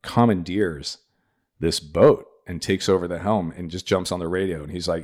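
A middle-aged man with a very low, deep voice, telling a story in a loose, chatty way. He acts out the lines other people said as he goes. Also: fairly even intonation, normal speed. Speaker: podcast guest. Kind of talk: casual storytelling.

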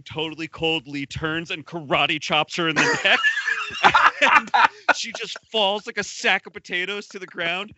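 A man's voice: a little high, moderate pace, muffled recording, very noisy. A man co-hosting a casual film podcast, rambling with lots of filler words and laughing at his own jokes. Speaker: podcast co-host.

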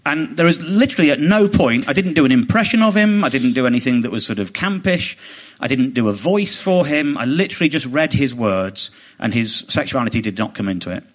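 A man, a comedian guest on a chat podcast, telling an animated, indignant story and mimicking other people as he goes. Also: medium pitch, a little fast, few pauses. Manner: animated, indignant, quotes others in mock voices.

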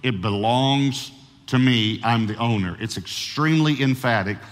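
A man preaching a sermon as pastor, who slows down to stress key words and often restarts his sentences. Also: mid-range voice. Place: large church. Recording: church sanctuary reverb.

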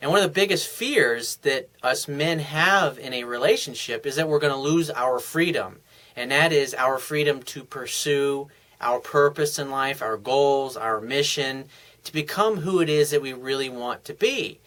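A man's voice: mid-range voice, moderate pace, fairly bright tone. A man giving frank, blunt relationship advice in a casual, coaching monologue.

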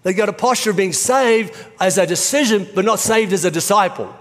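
Male pastor, middle-aged, high-ish voice, chatty storytelling sermon, echoing hall. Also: a little fast, a bit bright. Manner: conversational storytelling preaching. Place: church auditorium. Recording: reverberant church hall.

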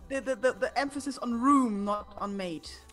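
Female tabletop player; halting, stammery casual talk. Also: fairly high pitch, faint music behind. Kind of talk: casual chat.

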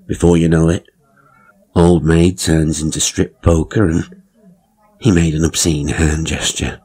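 A man narrating his own horror story in a measured, dryly ironic way. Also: a bass voice, level tone, mellow, slightly rough, low-quality recording. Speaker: author and narrator.

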